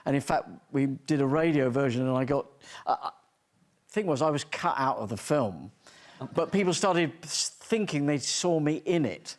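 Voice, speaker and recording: Rambling man telling a long anecdote. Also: a little high. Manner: rambling, self-deprecating, halting restarts. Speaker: talk show guest.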